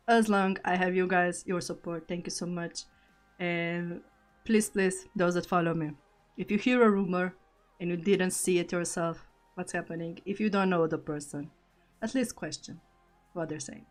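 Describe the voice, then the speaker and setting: A young woman streamer, not a native English speaker, chatting casually and telling stories with frequent laughs. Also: on the low side. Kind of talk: casual live-stream chat.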